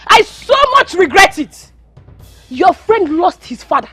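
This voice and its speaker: A woman's voice: extremely high pitch, big pitch swings, measured pace, no room sound, soft background music, exaggerated voice. A woman playing a fiery scolding Nigerian girl. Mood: indignant. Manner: scolding, shouting. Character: angry young woman scolding a friend. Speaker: actor.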